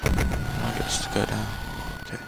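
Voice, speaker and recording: With big pitch swings and a creaky, lowish voice, this young gaming host chats casually at a moderate pace while playing. His let's play commentary rambles with fillers and curses at enemies, and the home recording is noisy.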